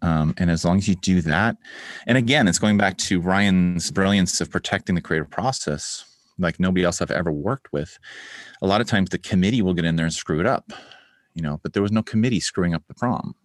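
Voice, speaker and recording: A man's voice: low voice, fairly quick, dry recording, studio quality. A man, a music producer, giving rambling interview answers with many fillers and restarts.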